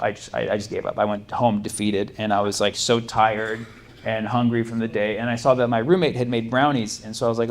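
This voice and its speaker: A male comedian on a club stage, spinning a long story in a loose, rambling way, full of restarts and fillers. His voice sits at an ordinary middle pitch through a handheld mic, with a clear steady hum and the audience's presence behind him. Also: a little fast. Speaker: stand-up comedian. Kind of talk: stand-up set. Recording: live club recording with steady background noise. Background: audience ambience.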